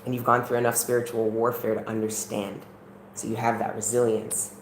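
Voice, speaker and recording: A woman's voice: very deep voice, level tone, fairly quick. Chatty woman giving a live tarot reading. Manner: earnest, chatty, talks straight to viewers. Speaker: tarot reader. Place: at home in the country. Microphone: camera on a live stream. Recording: roomy with faint background noise.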